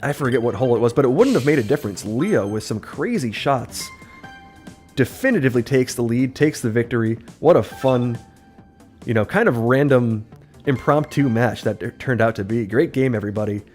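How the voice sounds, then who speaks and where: Male streamer, lively play-by-play, slightly tired voice, mid pitch, faint music bed. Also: a little fast. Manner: upbeat, excitable play-by-play. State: voice slightly worn. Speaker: livestreamer. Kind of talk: live gameplay commentary. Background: faint game music.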